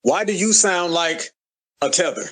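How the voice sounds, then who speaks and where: A man's voice: high voice, a little slow, fairly bright tone. A man hosting an audio chat room, taunting and roasting a caller with slang. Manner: taunting, repeats slang like homie and family. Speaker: host.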